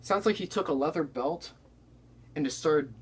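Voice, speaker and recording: A man's voice: fairly high pitch, expressive, normal speed, slight background noise. A young man hosting a comedy chat, telling a story in a rambling, casual way with lots of restarts. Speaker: comedy channel co-host.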